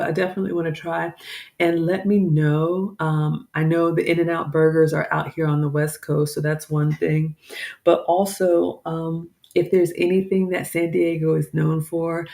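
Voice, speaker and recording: A chatty woman from the American South talks casually to her viewers in a gravelly voice. She sounds tired, apologizes often and wanders between thoughts. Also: low-pitched, flat delivery, normal speed, darkish tone. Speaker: vlogger, home cook. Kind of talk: casual live-stream chat.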